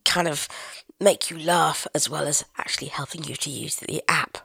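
A woman's voice: low voice, normal speed, gravelly, pushed and bright, a little hiss or hum. A woman presenting a chatty, explanatory tutorial, demonstrating an app with a screen reader.

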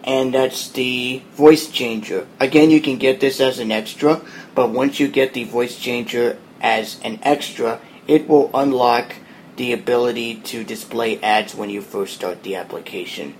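A man hosting a podcast, walking listeners through an app in a relaxed, plain explaining tone. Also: mid-range voice, unhurried, a little hiss or hum. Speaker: podcast host demoing an app. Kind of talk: casual spoken app walkthrough.

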